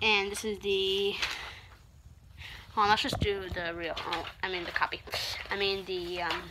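A woman's voice: mid-range voice, level tone, a little slow, very noisy. A young female channel host reading homemade comics aloud in a casual, playful way, slipping into loose character voices.

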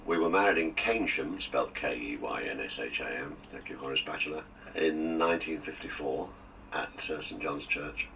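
A man's voice: extremely low pitch, moderate pace, creaky, pushed and bright, recorded from a distance, slight background noise, rough recording. An older man, a guest on a radio interview, reminiscing with jokes and theatrical asides. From England. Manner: jokey, theatrical storyteller with asides.

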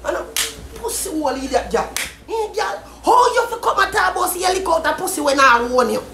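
Jamaican patois woman, high voice, loud mocking rant, echoey room, faint noise. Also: expressive, fairly quick, creaky. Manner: loud, cursing, taunting, mocking. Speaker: social media commentator. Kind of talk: heated social media rant.

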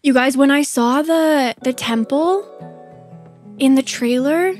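Bubbly, gushing woman streamer, higher voice. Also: takes it slowly, darkish tone. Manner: bubbly, gushing, laughs often. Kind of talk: casual livestream game commentary. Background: faint game music.

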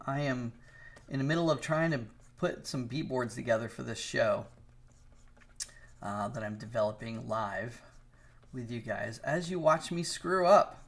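Gravelly middle-aged man chatting while drawing. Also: mid-range voice, unhurried, pauses often, a bit bright. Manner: chatty, rambling, greets and teases viewers. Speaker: animator streaming live. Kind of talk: casual livestream chat while drawing.

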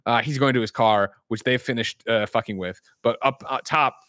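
A man's voice: mid-range voice, normal speed, fairly bright tone, dry recording, clean studio sound. A man co-hosting a podcast, casually recapping a film scene by scene, swearing freely and acting out the characters' lines as he goes. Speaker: podcast co-host. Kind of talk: casual movie recap chat. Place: home setup, remote show.

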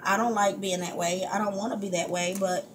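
A woman's voice: mid-range voice, fairly quick. A woman vlogger venting candidly to her viewers, frustrated and heated, talking in fits and restarts at home. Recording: steady background hiss.

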